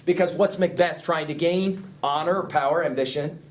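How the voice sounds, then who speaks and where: A man's voice: a little high, normal speed. A man teaching a literature class, lecturing and throwing questions at his students. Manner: asks the class questions, lively explaining. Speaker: English teacher.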